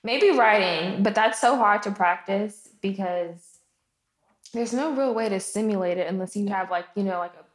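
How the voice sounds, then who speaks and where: A woman in casual chat, relaxed and slangy, swearing freely. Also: mid-range voice, normal speed. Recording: echoey room.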